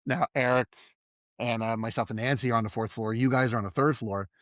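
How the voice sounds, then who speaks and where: Fairly quick and at a medium pitch, a middle-aged EMS worker on a podcast tells a story conversationally. Animated, he acts out the voices he quotes, and the recording is close, dull and dry.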